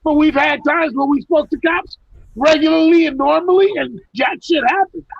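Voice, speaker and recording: A man with a very high, gravelly voice tells rough stories from his life over a video call, cursing freely and restarting his sentences. The sound is dry and dead, and the audio is dull and lo-fi. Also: moderate pace, no echo. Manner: profane, rambling storytelling with many restarts. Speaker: guest recounting personal stories. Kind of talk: casual chat on a video call. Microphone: video call mic.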